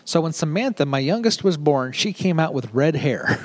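A middle-aged man giving a casual sermon, talking in a chatty, joking way with quick asides. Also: on the high side, animated. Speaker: preacher.

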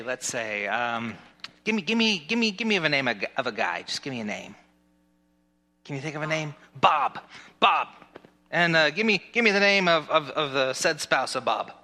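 A man's voice: mid-range voice, sharp tone. A man, a pastor giving a playful children's sermon and quizzing the congregation. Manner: playful, chatty, asks the crowd questions. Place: church sanctuary. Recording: long hall reverb.

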